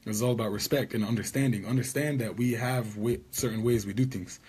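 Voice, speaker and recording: A man's voice: medium pitch, fairly even intonation, brisk, a little mellow, slightly rough. A man casually telling a rambling story about being wronged, with an indignant tone. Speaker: vlogger.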